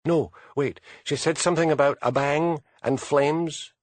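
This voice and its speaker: A man's voice: on the high side, fairly even intonation, a little slow, no echo, voice pushed up, lightly acted. A man voicing an eager, earnest young female police constable in an audiobook.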